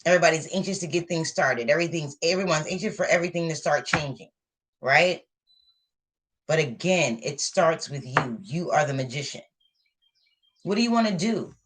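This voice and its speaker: With a lowish, fairly bright voice, a woman reads tarot live, offering motivation and affirmation. She keeps restating her points to stress them.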